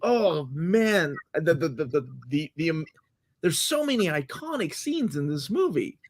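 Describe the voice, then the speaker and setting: An enthusiastic man in his forties co-hosts a casual film chat, tripping over his words as he gets excited. His voice sits somewhat high for a man. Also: a little slow, a little hiss or hum. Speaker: podcast co-host. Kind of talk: casual movie review chat.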